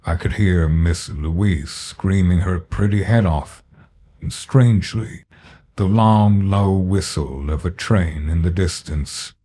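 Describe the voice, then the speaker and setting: A man narrating a horror story in a slow, grave storytelling manner. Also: low voice, warm tone, slightly rough.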